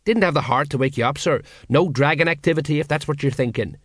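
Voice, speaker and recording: A man's voice: on the high side, quick pace, dry recording, clean studio sound, lightly acted. A man reading an audiobook, voicing a sheepish, evasive middle-aged watch sergeant who talks colloquially.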